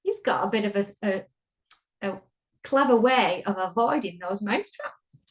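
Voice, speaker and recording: With a mid-range, animated voice and a measured pace, a woman reads a children's picture book in a playful, chatty manner. She stops now and then to pose questions to the listener, and the audio is dull and lo-fi.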